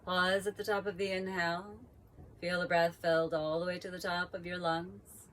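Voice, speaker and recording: A woman yoga teacher calmly leading a guided breathing practice with slow, drawn-out cues. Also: on the low side, a little hiss or hum.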